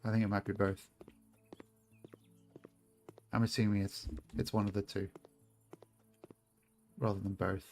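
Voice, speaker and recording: A man streams gameplay with soft background music, his lowish voice flat and a little slow, pausing often. He chats casually with viewers, swears freely and rambles in asides to chat.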